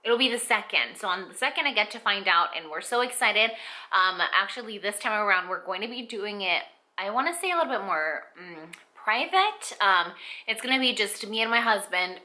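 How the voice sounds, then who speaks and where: Young female vlogger, very bright voice, chatty and rambling, emotional and teary throughout. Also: medium pitch, expressive, moderate pace. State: tearful. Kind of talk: casual pregnancy update vlog.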